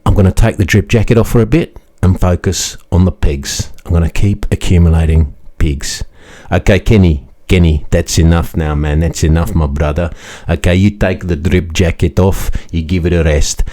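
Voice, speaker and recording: A man's voice: sits low, fairly even intonation, normal speed, warm tone. A man hosting a crypto comedy channel, delivering a crude, mocking parody monologue in a bombastic persona.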